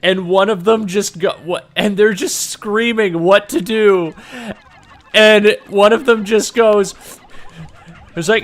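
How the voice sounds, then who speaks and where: A man chatting casually while playing a video game, animated, swearing casually and laughing often. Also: high voice, unhurried. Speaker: gaming video co-host. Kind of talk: casual chat.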